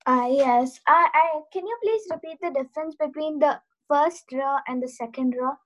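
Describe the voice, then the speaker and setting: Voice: high-pitched, normal speed. A student on an online class hesitantly and politely asking the teacher a question.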